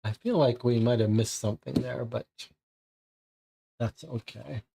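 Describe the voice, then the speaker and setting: A man's voice: medium pitch, unhurried, creaky, warm tone, slight background noise. Man thinking aloud through a board game. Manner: thinking aloud, casual, reading text out. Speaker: streamer playing a co-op board game. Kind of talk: live game playthrough, reading cards and chat.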